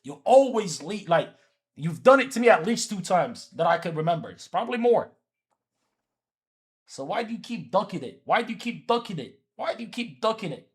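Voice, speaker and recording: A man's voice: sits high, big pitch swings, normal speed, husky. A man from Africa chatting casually on a livestream, teasing people and repeating himself as he talks back to his chat.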